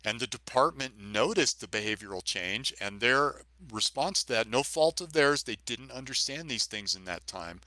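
A man's voice: medium pitch, animated, normal speed, few pauses, pushed and bright, no room sound. A middle-aged man, a retired police officer, recounting his own experience as a podcast guest in earnest, vivid storytelling with emphatic repetition. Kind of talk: personal story in a podcast interview.

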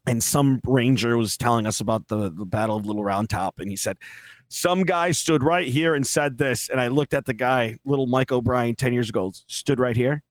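A man's voice: a little fast, few pauses, no echo. A young man telling stories in a casual podcast chat, quoting people and laughing as he goes. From Boston area. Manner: animated storytelling, quoting people in pitched-up voices, laughing. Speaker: guest storyteller.

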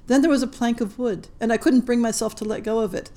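A woman's voice: on the high side, fairly even intonation, fast talker, mellow, voice pushed up, lightly acted. A woman reading a short story aloud, voicing a tearful young Frenchwoman in hiding, in an earnest, urgent way. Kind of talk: audiobook reading.

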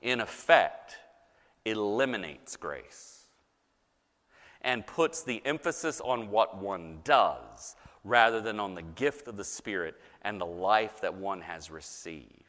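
A man preaching a sermon as a pastor, animated, mock-voicing objectors and swinging between loud and soft. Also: fairly low pitch, slow, in a large hall.

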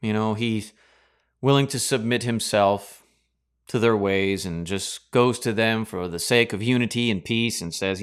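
A man preaching a Bible teaching sermon in a sarcastic, animated way, acting out reactions. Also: fairly low pitch, measured pace, clear, resonant tone.

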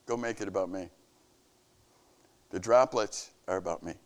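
A man giving an earnest devotional message to camp staff, preaching with rising and falling emphasis. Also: moderate pace. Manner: earnest, preaching, rises and falls in pitch. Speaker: camp leader.

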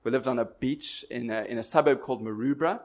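A man's voice: mid-range voice, quick pace, darkish tone. A man from Durban preaching a sermon, telling stories and asking rhetorical questions in a conversational way. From Durban, South Africa.

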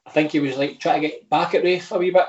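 Rambling Scottish footballer, echoey room. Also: male voice, fairly high pitch, fairly even intonation, fast, a little mellow, highs cut off. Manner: rambling, frank, with lots of restarts. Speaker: footballer guest. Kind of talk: casual podcast chat.

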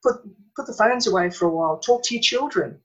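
A woman's voice: fairly high pitch, animated, fast talker, fairly bright tone, poor audio. A woman, talking earnestly and with feeling in a conversation. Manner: earnest, impassioned storytelling. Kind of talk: emotional conversational chat.

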